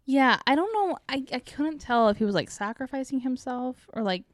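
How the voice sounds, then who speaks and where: A young woman in casual chat, joking and chiming in with quick remarks. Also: high voice, lively intonation, no room sound, clean studio sound. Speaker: podcast co-host.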